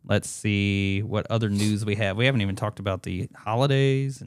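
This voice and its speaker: A man's voice: fairly low pitch, steady tone, normal speed, a little hiss or hum. A man co-hosting a podcast, reading out odd news headlines in a joking, offhand way with plenty of fillers and restarts. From not British. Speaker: podcast co-host.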